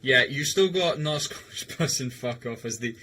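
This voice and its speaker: Bright-voiced streamer man. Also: medium pitch, normal speed, slight background noise. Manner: rambling, swears, stammers, laughs easily. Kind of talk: casual livestream chat while gaming.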